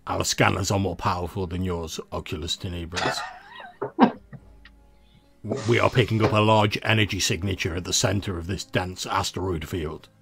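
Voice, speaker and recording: A gruff, gravelly-edged fleet commander, played by a man who barks curt, formal orders over the comm channel, pitched low and a touch louder than the narration around him. Faint music runs underneath. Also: fairly even intonation, normal speed. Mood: commanding.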